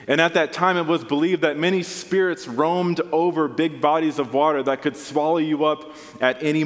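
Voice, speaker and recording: A man's voice: fairly high pitch, in a large hall. A man preaching an earnest sermon, building to emphatic peaks. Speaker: pastor.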